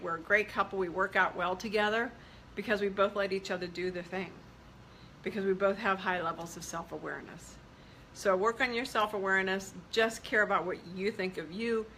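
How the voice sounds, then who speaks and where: A woman self-help vlogger speaks casually and candidly to her audience, mixing blunt asides with encouragement. Her voice sits mid-range and sounds bright and forceful. There is a faint hiss behind her. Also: mid-range voice, low-quality recording. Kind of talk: casual motivational talk to camera.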